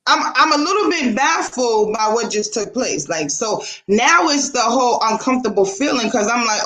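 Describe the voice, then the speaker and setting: Woman, high voice, animated storyteller, casual talk show, echoey room. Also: moderate pace. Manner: animated, acts out quoted dialogue.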